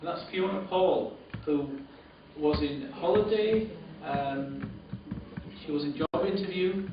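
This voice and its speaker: Here a man speaks slowly while presenting awards as a director, improvising and leaning on ums and repeated words. Recorded by a camera mic at a distance, the audio is very echoey, boomy, and dull, with room noise.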